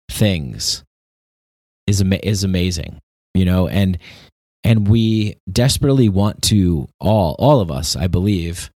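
Recorded in a clean studio with no echo, this podcast host has a low, warm voice. His casual monologue wanders reflectively, often restarting sentences and breaking into laughter.

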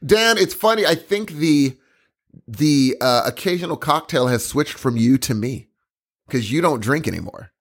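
A man co-hosting a podcast in casual, excitable chat, teasing and laughing a lot. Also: a little high, normal speed. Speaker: podcast co-host.

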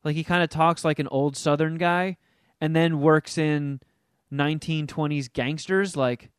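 In an unhurried, smooth, fairly high voice, a man discusses a movie as a podcast co-host in casual chat. He swears freely and animatedly slips into mocking voices for quoted scenes, with studio-quality sound and no room sound.

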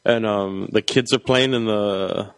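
A man's voice: fairly low pitch, fairly even intonation, measured pace, gravelly. A man co-hosting a podcast in casual chat, laid-back and agreeable, recalling film scenes in a radio station studio. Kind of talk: casual chat about a movie.

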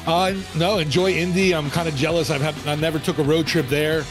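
A man's voice: a little high, fairly even intonation, a little fast, music in the background. A man co-hosting a sports podcast, easygoing and laughing along. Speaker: podcast co-host and sports director. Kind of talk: casual sports podcast chat.

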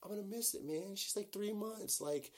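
A man's voice: high voice, normal speed. A man hosting his own podcast, talking in a casual, rambling monologue full of "like" and "you know" and turning openly emotional. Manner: gushing and emotional. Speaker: podcast host.

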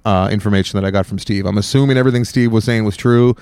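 A man telling a long story in casual podcast chat, animated and rambling. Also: lowish voice, racing, clear, resonant tone, dry recording. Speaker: podcast host.

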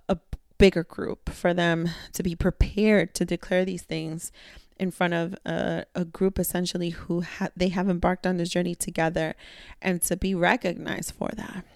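This is a woman talking through a solo podcast episode in a relaxed, heartfelt way, mixing slang and the odd curse. Her voice sits a little low with a gravelly texture. The sound is close and dry. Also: dry recording. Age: adult, a mother. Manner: candid, reflective, slangy with profanity. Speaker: podcast host; mentor to young women. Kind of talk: casual solo podcast monologue.

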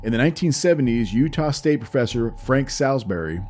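A man's voice: medium pitch, lively intonation, a little fast, darkish tone, faint music behind. A man hosting a podcast, chatting in a playful, teasing way and reading an article aloud. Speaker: podcast host.

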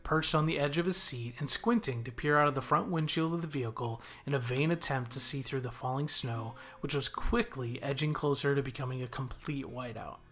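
A man reading a story chapter aloud as a guest narrator, in a steady, measured way. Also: medium pitch. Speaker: guest reader. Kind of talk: audiobook narration.

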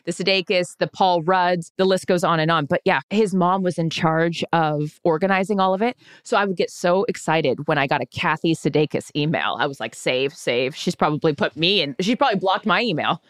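A woman's voice: on the low side, fairly quick, hardly any pauses, no echo, studio quality. A woman co-hosting a casual chat show, chatty and reassuring toward her friend. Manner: reassuring, chatty, laughs along. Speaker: podcast co-host.

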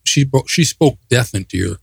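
A man's voice: medium pitch, animated, moderate pace, creaky, breathy edge, no room sound, clean studio sound. A man interviewing a guest, mostly giving brief affirming responses.

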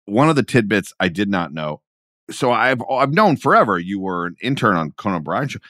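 A man hosting a podcast with a very low voice and a lively, swinging delivery. He chats casually and encourages his guest. The sound is dry and close. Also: a little fast, no room sound. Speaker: podcast host. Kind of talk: casual interview chat.

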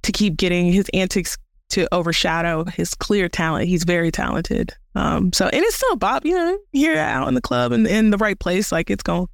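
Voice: medium pitch, moderate pace, creaky, dry recording, clean studio sound. A podcast co-host in casual chat, talking loosely and laughing often.

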